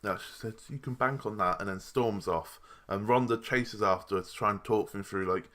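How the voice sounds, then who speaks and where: A man's voice: lowish voice, moderate pace, hardly any pauses, a bit bright. A young man giving a casual, rambling review of a wrestling show. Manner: chatty and rambling, with restarts and asides.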